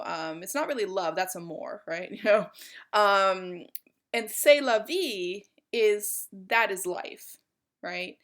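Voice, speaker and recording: A woman's voice: lowish voice, fairly bright tone. A woman giving a college art history lecture in a chatty, informal way, with many fillers.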